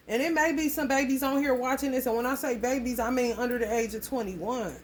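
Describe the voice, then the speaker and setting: A woman's voice: high-pitched, fairly even intonation, brisk, hardly any pauses, a little hiss or hum. A woman giving a casual spoken reading to her viewers, blunt and heavily profane, rambling loosely as she talks. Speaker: astrology reading vlogger.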